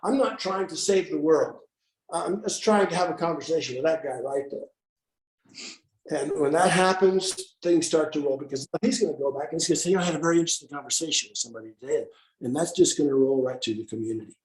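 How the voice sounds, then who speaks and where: A man's voice: on the high side, normal speed, a little mellow, roomy sound. A man, an interview guest, telling an anecdote in casual conversation and acting out the voices he quotes.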